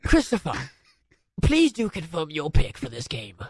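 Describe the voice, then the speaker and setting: A man's voice: a little high, huge pitch swings, normal speed, husky, dry recording, clean studio sound, pitched below the performer's own voice, full character voice. A man voicing a pompous, posh English male sports presenter with a mock English accent and grand, over-formal announcing on a radio show. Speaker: radio co-host. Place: radio studio.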